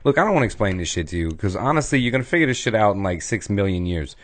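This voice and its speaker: A man's voice: fairly low pitch, animated, lightly acted. A man doing an impatient, crude God. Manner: blunt, swearing, rapid. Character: impatient offhand male God, crude and casual.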